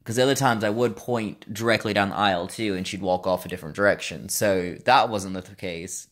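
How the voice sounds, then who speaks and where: A man's voice: fairly low pitch, fairly even intonation, a little fast, fairly bright tone. A man who works in a store, telling a story in a casual, bemused way. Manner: bemused, retelling an awkward encounter. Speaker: store worker.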